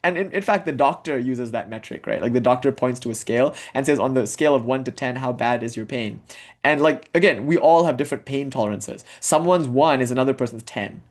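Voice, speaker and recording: A man's voice: medium pitch, fairly quick. A young man giving an informal spiritual lecture in a casual, chatty way, full of "like" fillers and asides, sometimes chanting Sanskrit verses.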